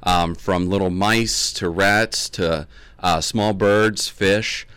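Low-voiced man explaining owls. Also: steady tone, takes it slowly, fairly bright tone, clear, resonant tone, dry recording. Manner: explains steadily with many ums and uhs. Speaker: naturalist guest. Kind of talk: casual chat.

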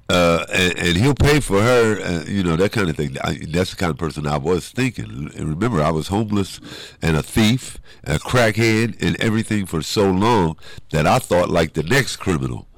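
A man's voice: low voice, normal speed, dry recording. A man, a guest in an interview, telling a personal story and acting out the voices of the people in it. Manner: animated storyteller who acts out quoted voices.

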